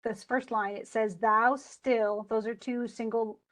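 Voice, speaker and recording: A woman teaching poetry in a lesson, her voice sitting a little on the high side. She talks with false starts and slows down to stress the syllables she means. Her tone is patient. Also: level tone, darkish tone. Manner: thinking aloud with restarts, slowing to stress words. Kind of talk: live tutoring on meter.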